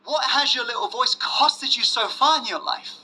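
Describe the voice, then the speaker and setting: A man giving a motivational self-help masterclass, pressing the audience with questions and dropping to hushed emphasis. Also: extremely high pitch, moderate pace, slightly rough, rough recording. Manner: emphatic, asks audience to say yes, swings loud and hushed. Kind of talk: motivational webinar talk.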